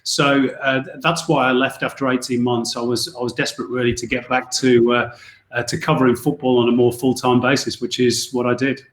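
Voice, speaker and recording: An English man, a sports commentator as a podcast guest, telling relaxed stories with many fillers and restarts. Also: mid-range voice, fairly quick, echoey room. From England. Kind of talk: casual podcast interview.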